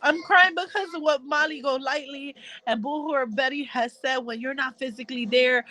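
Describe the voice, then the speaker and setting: Woman with a high voice, emotional vlog rant, fired up and talking right at the audience. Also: moderate pace, pushed and bright, low-quality recording. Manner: heated, repetitive, talks straight to viewers with religious asides. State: crying. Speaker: commentary vlogger. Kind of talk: emotional casual rant to viewers.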